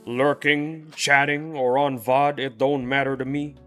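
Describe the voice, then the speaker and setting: A man's voice: mid-range voice, flat delivery, measured pace, fairly bright tone, faint music behind. Playful rambling male streamer. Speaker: game livestreamer. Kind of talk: casual chat with live viewers.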